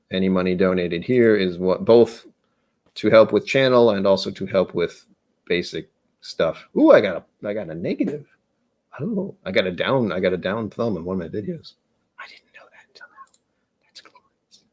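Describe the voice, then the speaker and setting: A man's voice: low-pitched, expressive, normal speed, darkish tone. A man from the United States hosting a casual whiskey livestream, chatty, rambling and self-deprecating as he reads chat aloud. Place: indoors at home.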